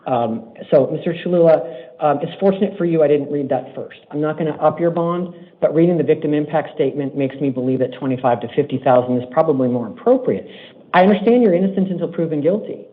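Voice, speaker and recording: Brief: higher-pitched male judge, stern and deliberate, formal courtroom delivery, phone-thin audio. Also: narrow, tinny audio.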